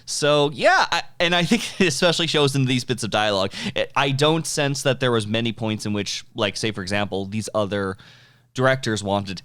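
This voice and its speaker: A man co-hosting a casual podcast discussion, reflective in tone and quick to chuckle. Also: mid-range voice, lively intonation, fairly bright tone, clean tone, dry recording. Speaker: podcast co-host.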